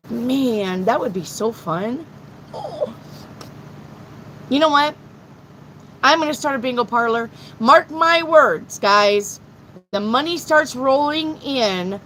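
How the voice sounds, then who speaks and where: A middle-aged woman reading tarot on a live stream, blunt and excitable, swearing freely as she talks to her chat. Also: on the high side, slight background noise, poor audio. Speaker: tarot reader.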